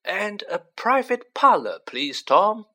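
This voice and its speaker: A man's voice: very high-pitched, huge pitch swings, a little slow, fairly bright tone, pitched above the performer's own voice, heavily acted. A man voicing a portly, tired and testy middle-aged male minister in a storybook reading, pointed and official in manner.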